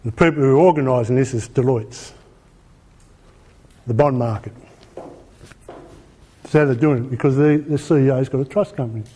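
A man's voice: medium pitch, moderate pace, pauses often, dark tone, husky. An Australian man giving an informal lecture in a colloquial, emphatic way, often asking rhetorical questions. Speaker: presenter.

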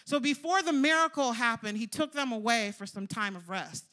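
Young woman preacher, high bright tone, casual storytelling delivery. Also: moderate pace. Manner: chatty, storytelling, lots of "like" and "you know". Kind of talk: sermon.

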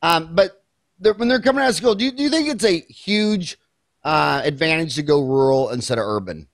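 An older man from Kansas hosting a podcast interview, asking blunt, animated questions. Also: a little high, fairly quick, no echo. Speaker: podcast host. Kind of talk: casual interview.

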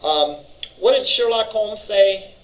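A man's voice: high-pitched, animated, slow pace, fairly bright tone, poor audio. A man teaching a college database class, lecturing conversationally and often checking in with the students. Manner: conversational, checks in with "all right?"; thinks aloud with fillers and restarts. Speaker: college instructor.

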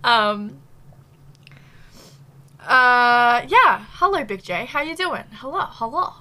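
A bubbly woman streamer chats casually with her viewers, giggling often and filling gaps with ums. Her voice sits a little high and sounds bright, and she is slightly out of breath. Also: animated, takes it slowly. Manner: bubbly, giggly, chatty with many fillers. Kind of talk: casual live-stream chat.

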